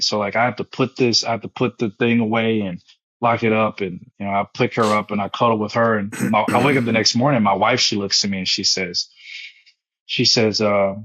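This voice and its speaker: A man's voice: fairly low pitch, steady tone, a little fast, fairly bright tone, muffled recording. Earnest man telling a painful story. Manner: earnest, emotional storytelling with repetitions. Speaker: guest, foundation founder and former pastor. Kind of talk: personal story in interview.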